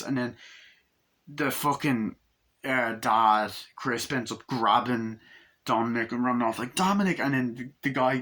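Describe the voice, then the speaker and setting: A man's voice: lowish voice, sharp tone. A man casually recapping a movie in a rambling way, swearing freely and jumping into quoted lines from the scenes. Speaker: movie reviewer.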